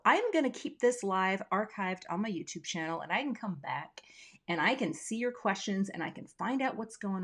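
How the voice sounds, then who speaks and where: A chatty woman runs a live crafting lesson from her home craft room, talking into a webcam. She keeps things playful and light, with self-deprecating asides. Her voice sits at an ordinary, mid-range pitch for a woman. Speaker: craft teacher hosting a livestream. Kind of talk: casual live design tutorial.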